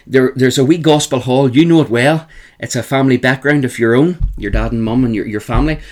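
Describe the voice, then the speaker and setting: A man with a Northern Irish accent, a guest telling emphatic, animated stories in an interview. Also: mid-range voice, a little fast. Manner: animated, emphatic, repeats the host's name. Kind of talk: storytelling in an interview.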